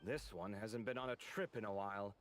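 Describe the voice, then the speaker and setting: An actor playing a dramatic, fussy young male architect in a video game, expressive and sarcastic. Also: on the low side, brisk, natural voice. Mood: earnest, teasing. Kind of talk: game voice acting.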